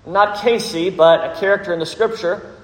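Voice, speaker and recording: A man preaching a sermon as pastor, telling a story with measured, dramatic emphasis. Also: high voice, a bit bright. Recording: echoey hall with long reverb.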